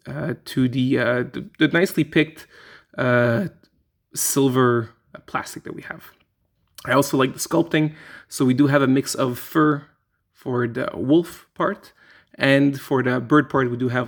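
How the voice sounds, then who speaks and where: A man casually reviewing a collectible figure, talking in a relaxed, rambling way with fillers and restarts. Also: mid-range voice, gravelly. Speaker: toy reviewer.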